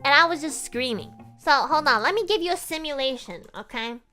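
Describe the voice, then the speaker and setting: A woman streamer telling a story in a casual, animated chat, swearing freely and laughing as she goes. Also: high-pitched, a little fast, music in the background.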